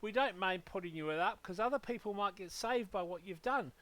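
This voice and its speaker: High-voiced man ranting with heavy swearing. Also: brisk, a bit bright. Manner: profane, heated ranting. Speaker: gaming channel host. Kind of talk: casual podcast rant.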